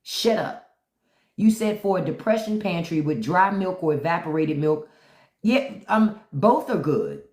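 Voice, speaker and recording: A blunt livestream host rants in profane, unfiltered commentary. The pitch swings widely as they talk, and the voice echoes in a roomy space. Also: expressive, unhurried. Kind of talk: unscripted live-stream commentary. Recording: roomy echo.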